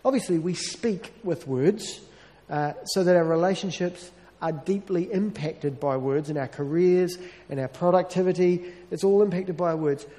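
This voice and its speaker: A man's voice: sits high, moderate pace, dark tone, in a large hall. A man preaching a sermon in an earnest, conversational way, with wry self-deprecating asides.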